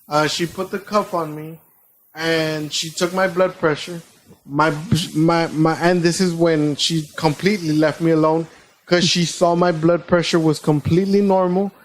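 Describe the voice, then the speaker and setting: A man co-hosting a podcast, telling a personal story in a casual, animated way with plenty of swearing. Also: on the high side, poor audio. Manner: animated, swearing, quick retelling. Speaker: podcast co-host.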